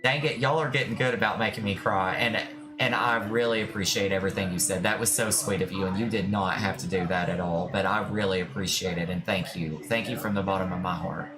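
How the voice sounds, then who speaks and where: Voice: low voice, fairly even intonation, a little fast. A tarot reader on a live stream, chatting casually and affectionately with viewers, reassuring them and calling them "my love". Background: music.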